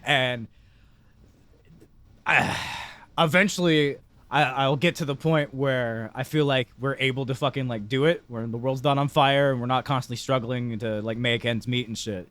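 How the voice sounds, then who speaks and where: A man's voice: medium pitch, fairly even intonation, moderate pace, a bit bright, no echo. A man from Britain chatting on a podcast, rambling and swearing heavily. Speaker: podcast co-host. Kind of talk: casual chat.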